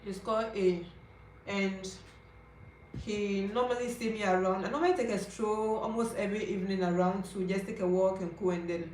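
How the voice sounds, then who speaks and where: A woman's voice: medium pitch, fairly even intonation, moderate pace, darkish tone, slight background noise. Ghanaian woman vlogging in an echoey room. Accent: Ghanaian English. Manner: confiding, chatty, checks in with viewers. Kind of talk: personal storytelling to camera. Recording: roomy echo, faint ambience.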